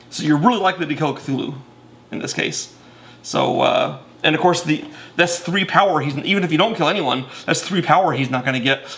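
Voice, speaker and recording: A man's voice: on the high side, a bit bright. A man casually explaining board game rules in a chatty, self-correcting way with many fillers.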